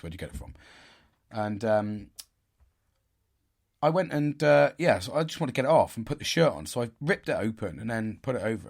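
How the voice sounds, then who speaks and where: A man telling a story in a casual, animated way. He swears a lot and laughs at himself. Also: on the low side. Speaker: podcast host.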